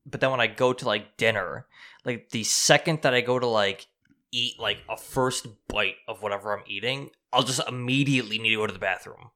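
A young man with a bright, forceful tone co-hosts a relaxed podcast. He agrees easily and swears offhandedly as he tells stories. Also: medium pitch, brisk. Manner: laid-back, agreeable, swears casually. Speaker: podcast co-host. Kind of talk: casual podcast chat.

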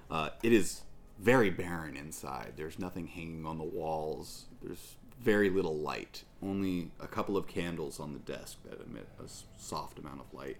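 Deep-voiced man narrating as game master. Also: slight background noise. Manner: relaxed descriptive narration with fillers.

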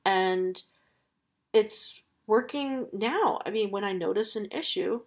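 A woman in her thirties talking casually about parenting, with lots of fillers and restarts. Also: mid-range voice. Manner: chatty, many fillers and self-corrections. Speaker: parent sharing advice. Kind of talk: casual monologue.

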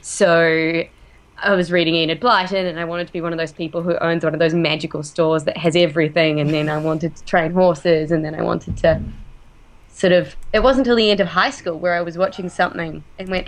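Laughing Australian actress, chatty. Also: female voice, fairly low pitch, fairly even intonation, fairly quick, low-quality recording. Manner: chatty, laughs easily, storytelling. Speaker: guest actress. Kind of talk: casual podcast interview.

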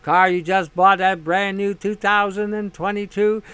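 A man's voice: high-pitched, steady tone, a little slow, bright, forceful tone, clean tone, dry recording. A male host in a casual monologue, blunt, profane and sarcastic.

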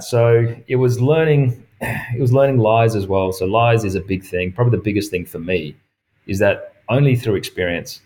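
A middle-aged man, a golf professional telling stories in casual chat, lively and often laughing as he acts out what others said. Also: fairly low pitch. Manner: animated, acts out quoted dialogue, laughs often.

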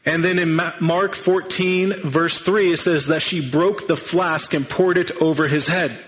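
A man's voice: a little high, fairly even intonation, unhurried, fairly bright tone, rough recording. A man preaching a sermon, earnest and thinking aloud, sometimes restarting his sentences. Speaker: pastor.

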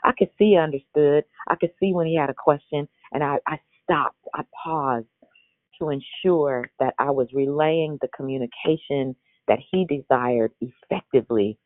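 Older lady doing a daily devotional, expressive and animated, sounds like it's over a phone, really dry. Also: sits low, moderate pace, no room sound. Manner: expressive, uses voice inflection. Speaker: devotional host. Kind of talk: live devotional teaching. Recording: tinny phone-like line.

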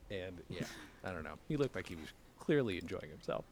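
A man guesting on a podcast, talking in a relaxed, rambling way and laughing easily. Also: deep voice, quick pace, slight background noise. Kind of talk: casual podcast chat.

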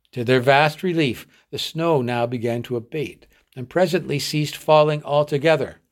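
Man reading a story aloud. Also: a little high. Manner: measured storytelling. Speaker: readers' theatre reader.

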